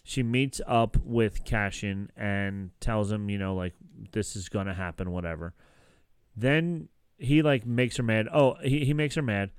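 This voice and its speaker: A man's voice: mid-range voice, unhurried, hardly any pauses, clear, resonant tone, dry recording. A man casually recapping a TV episode on a podcast, rambling with lots of fillers and restarts. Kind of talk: casual chat.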